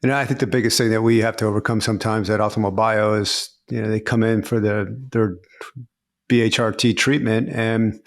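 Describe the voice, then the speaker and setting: Low gravelly-voiced male podcast host. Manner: conversational, rambling questions with fillers. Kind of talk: casual podcast interview.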